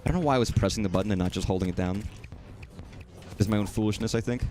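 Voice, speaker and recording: A young man streaming a game, swearing freely and talking excitedly to himself as he plays. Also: on the low side, racing, slight background noise. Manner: profane, excitable, talks to himself while playing. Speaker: gaming streamer. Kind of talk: live gameplay commentary.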